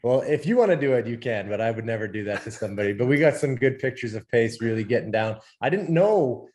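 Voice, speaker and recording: A man hosting a podcast in casual chat, relaxed and teasing, with rambling asides. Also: medium pitch, quick pace. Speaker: podcast host.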